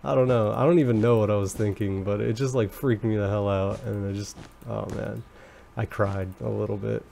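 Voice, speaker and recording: Gravelly young man rambling through gameplay. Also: fairly quick, slight background noise. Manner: rambling, excitable, jumps into high squeals when startled. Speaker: let's play commentator. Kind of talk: casual gameplay commentary.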